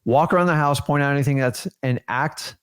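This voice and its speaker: Male coach, 40s, live training talk, energetic and emphatic, mid-range voice. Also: medium pitch, fairly quick, smooth. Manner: energetic, emphatic, acts out seller dialogues. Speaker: real estate wholesaling coach.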